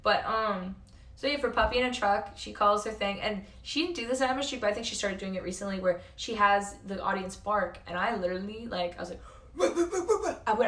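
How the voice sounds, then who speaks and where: A young woman streamer talks loosely from a hotel room, swearing freely and hopping from one tangent to the next. Her voice sits at an ordinary middle pitch. It carries an echo off the room's walls and sounds set back from the microphone. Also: a bit bright, far from the mic. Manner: rambling, swears freely, jumps between tangents. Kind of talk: casual live-stream chat. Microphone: facecam at a distance. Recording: echoey room, voice off-mic.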